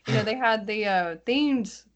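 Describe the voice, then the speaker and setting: A woman's voice: mid-range voice, a little slow, muffled recording. A woman chatting casually, telling stories and laughing easily. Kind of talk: casual chat.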